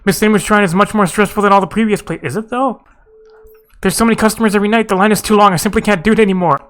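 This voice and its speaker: A man's voice: high voice, fast talker, fairly bright tone, pitched above the performer's own voice. A man doing a frazzled bird-yokai innkeeper girl. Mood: overwhelmed. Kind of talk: voicing game dialogue during a let's play.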